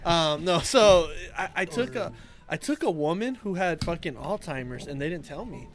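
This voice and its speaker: A man's voice: a little high, expressive, normal speed. A man in casual podcast chat, crude and joking, laughing often as he tells stories.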